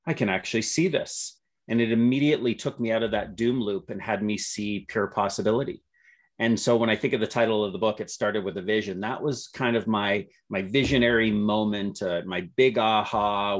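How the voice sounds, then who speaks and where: A middle-aged man with a slightly low voice tells stories from his working life in an interview. He sounds upbeat and optimistic, often restarting his sentences as he goes. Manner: upbeat, optimistic storyteller with self-corrections. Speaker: entrepreneur guest. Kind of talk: storytelling interview answers.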